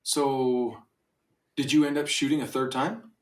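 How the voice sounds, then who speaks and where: A man's voice: mid-range voice, steady tone, a little slow. A man hosting a podcast, reacting briefly and asking follow-up questions in a casual interview. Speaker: podcast host.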